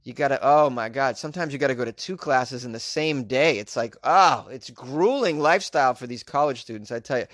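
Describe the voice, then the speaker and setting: A man's voice: mid-range voice, a little fast, hardly any pauses, fairly bright tone, no room sound, clean studio sound. A man doing a casual comedic monologue, sarcastic and mocking as he reads and riffs on news items. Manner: sarcastic, mocking, chuckling asides. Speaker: comedic commentator.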